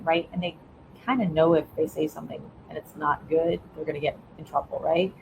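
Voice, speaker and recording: A woman's voice: on the low side, normal speed, a little mellow, slight background noise, poor audio. A middle-aged woman, a former school principal, talking casually as a podcast guest and explaining a method step by step while checking in with her listener. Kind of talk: casual interview talk.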